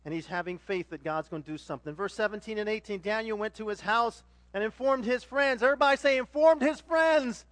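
Man preaching, very high voice, dry close sound, animated, loud then quiet. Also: quick pace, hardly any pauses, no echo. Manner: animated, shifts between loud exhortation and quiet asides. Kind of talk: sermon.

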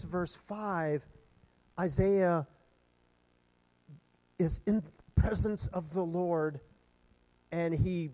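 A man preaching a sermon, reading scripture aloud and explaining it in a conversational way with fillers and restarts. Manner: reads scripture aloud with lively pitch swings. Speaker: pastor.

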